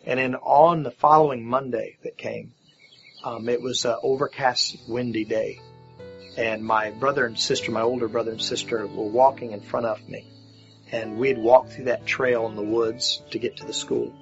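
A man's voice: medium pitch, steady tone, moderate pace, creaky. A middle-aged man giving a personal testimony, telling his story plainly with fillers and repeated words. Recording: slightly dull lo-fi audio with faint music.

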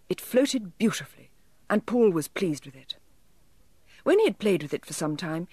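A woman narrating a children's storybook in a gentle, expressive storytelling manner. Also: lowish voice, breathy edge, no room sound. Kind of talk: storybook reading.

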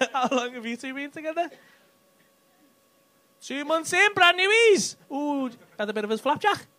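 A man's voice: very high voice, animated, slow pace, long pauses, pushed and bright. A man doing stand-up crowd work, cheeky and teasing, swearing freely as he chats with people in the audience on a club stage. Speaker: stand-up comedian. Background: faint audience laughter.

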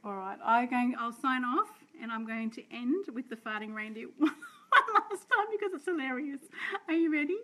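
An Australian woman, a sales director, chatting and rambling warmly to her team on a live stream. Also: fairly high pitch, lively intonation, normal speed, noisy background. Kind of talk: live-stream talk to viewers.

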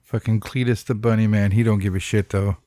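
A man's voice: on the low side, flat delivery, a little fast, mellow, no room sound, studio quality. A man co-hosting a podcast in casual chat, swearing freely and cracking jokes. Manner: heavy casual swearing, wisecracking. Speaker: podcast co-host.

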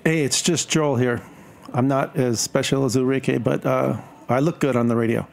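A man's voice: mid-range voice, steady tone, moderate pace, gravelly, darkish tone. A man from the United States, a beer importer and guest on a radio show, telling a story in a chatty, joking way. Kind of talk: radio interview.

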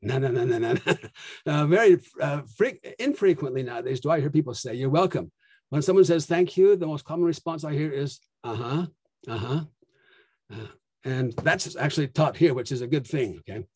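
Guy lecturing at a conference, mellow husky voice, keeps checking in with okay?. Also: a little high, lively intonation, fairly quick, no echo. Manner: explanatory, checks in with frequent "okay?". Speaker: conference plenary speaker. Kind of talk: lecture presentation.

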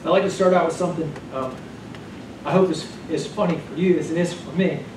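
A male pastor giving a sermon, telling a story in an animated way, recorded from a distance in an echoey church hall with noise behind. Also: fairly high pitch, fairly quick. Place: church sanctuary.

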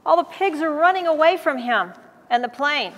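A woman museum docent reading a picture book aloud to children in a gallery, pausing to explain words. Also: sits high, long reverb tail, dull audio. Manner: animated, explains words to kids.

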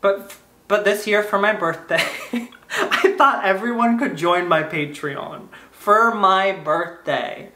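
A man's voice: high voice, takes it slowly, pushed and bright. A man vlogging in a goofy, rambling way, breaking into sing-song bits and playful asides to the viewer. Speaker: YouTube vlogger. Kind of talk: rambling comedic vlog. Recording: roomy echo.

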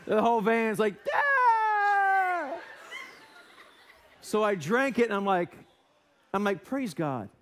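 Animated high-voiced American pastor preaching. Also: male voice, moderate pace, crowd noise, background noise. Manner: animated, self-deprecating storytelling with acted-out voices. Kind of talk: sermon with storytelling. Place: church sanctuary.

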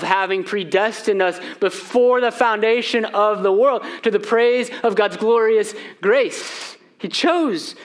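A middle-aged man preaching a sermon as pastor in a church, talking conversationally and asking the room rhetorical questions. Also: sits high. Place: church sanctuary.

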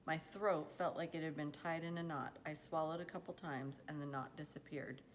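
Low-voiced woman reading an audiobook. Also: a little hiss or hum. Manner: measured, expressive storytelling. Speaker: audiobook reader. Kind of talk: audiobook narration.

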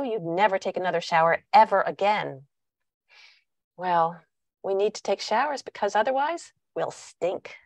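A woman's voice: mid-range voice, dry recording. A middle-aged woman giving a talk to parents, acting out what children and parents say. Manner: animated, acts out children's and parents' lines. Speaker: parenting author and speaker. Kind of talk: talk to parents with acted-out examples.

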